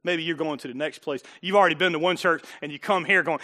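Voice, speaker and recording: A pastor preaching a sermon, dropping to quiet asides and rising to loud emphatic lines, laughing often. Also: male voice, on the high side, fast talker, few pauses.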